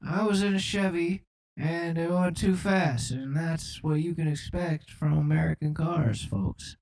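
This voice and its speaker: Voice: mid-range voice, fairly even intonation, unhurried, a little mellow, voice pushed up, lightly acted. A podcaster doing a rambling old president. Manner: folksy, meandering, calls listeners "folks". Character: rambling elderly male president impression. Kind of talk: comedic impression.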